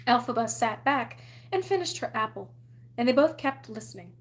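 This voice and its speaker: A woman reading a novel aloud in an expressive storytelling manner. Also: on the high side, normal speed. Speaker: reader.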